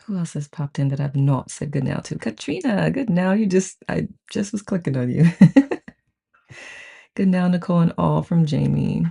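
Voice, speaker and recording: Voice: medium pitch, lively intonation, normal speed, vocal fry, dark tone, husky. A host chatting casually on a live stream, greeting each viewer by name and reading the chat aloud with gushing enthusiasm. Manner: chatty, gushing, frequent "I love it". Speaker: host of a live book-study group.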